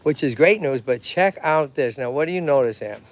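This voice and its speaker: A man's voice: medium pitch, expressive, normal speed. A man with a Massachusetts accent hosting a livestream outdoors at a tortoise pond. He talks energetically and chattily, and keeps checking in with "okay?" and "right?". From Lowell, Massachusetts. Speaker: tortoise rescue host. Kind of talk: livestream chat.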